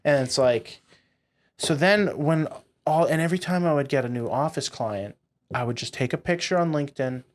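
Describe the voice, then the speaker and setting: This guest, a young company founder from Boston, USA, has a voice on the high side and talks at a normal speed. Telling stories in a casual interview, he's animated, swears, and acts out the quotes.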